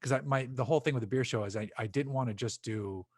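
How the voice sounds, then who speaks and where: A man's voice: mid-range voice, quick pace, no echo, studio quality. A man on a podcast as a guest, telling long casual anecdotes with plenty of swearing and laughter. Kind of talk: casual storytelling chat.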